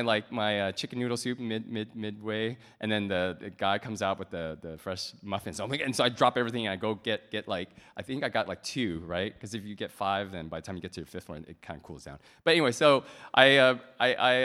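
Animated male preacher in a reverberant hall. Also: mid-range voice. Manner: animated storytelling, playful, swings between loud and soft. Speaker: pastor. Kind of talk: sermon.

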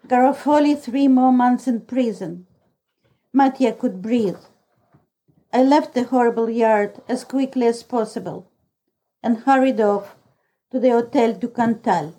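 A woman reading a novel aloud as audiobook narrator, in a measured, even manner. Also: fairly high pitch, low-quality recording. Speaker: audiobook reader. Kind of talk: scripted storybook narration.

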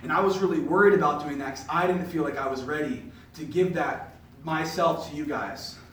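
A young man gives a personal faith testimony to a room of listeners, telling it as an animated storyteller with casual filler words. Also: fairly high pitch, fairly quick. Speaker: podcast host giving a faith testimony. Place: indoor room with an audience. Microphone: distant mic. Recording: echoey room, distant mic, faint noise.

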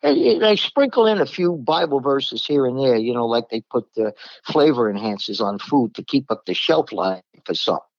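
A plain-spoken preacher man from New York gives a Bible-teaching sermon, blunt and emphatic. His pitch swings up and down with a lot of life. The recording is dry and sounds dull and lo-fi. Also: very animated, normal speed, vocal fry, no echo.

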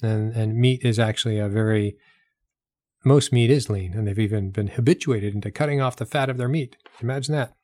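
A man's voice: fairly low pitch, fairly quick, a little mellow, no room sound, studio quality. A man giving a casual explanatory talk as host, emphatic, repeating his points and asking rhetorical questions. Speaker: health talk host selling products.

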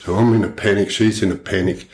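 Man, very low voice, swears constantly, blunt casual storyteller. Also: fast talker, over a noisy crowd. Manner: blunt, heavy swearing, animated retelling. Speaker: podcast co-host.

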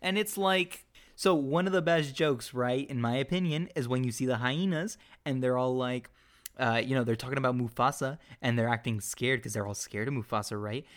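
A young man co-hosting a relaxed film review chat. He is opinionated and rambling, with plenty of energy, and speaks at an ordinary pitch for a man. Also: normal speed. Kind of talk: casual chat.

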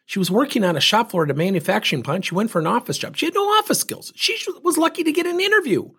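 Husky guy in his 50s telling stories in a motivational talk, pitch all over, really emphatic. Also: rapid-fire. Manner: emphatic, animated storytelling. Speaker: speaker and coach.

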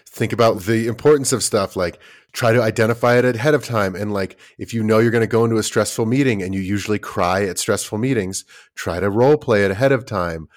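A man co-hosting a podcast in casual chat, animated and acting out little quoted voices, with many fillers and restarts. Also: on the low side, brisk, hardly any pauses. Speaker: podcast co-host.

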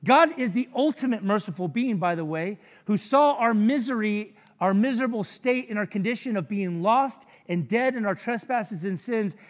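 A man's voice: high voice, normal speed, hardly any pauses, in a large hall. A man preaching a sermon as pastor, conversational and jokey, with frequent asides to the congregation.

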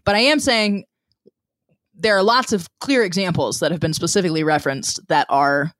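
A woman's voice: fairly low pitch, moderate pace, a bit bright, no echo. Wry Missouri woman podcast co-host. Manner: wry, dry quips and careful hedging. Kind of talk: casual podcast chat.

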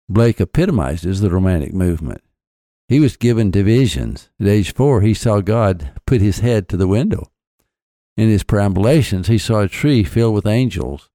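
A man explaining poetry in a scripted podcast, lecturing with deliberate emphasis on key phrases. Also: on the low side, mellow, dry recording, studio quality. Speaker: author and podcast guest lecturer. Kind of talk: scripted literary commentary.

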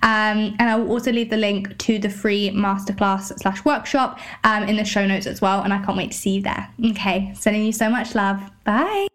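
A woman's voice: medium pitch, fairly even intonation, moderate pace, hardly any pauses, a bit bright. A British woman hosting a solo podcast, talking candidly with lots of swearing and many "like" and "you know" fillers. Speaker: podcast host.

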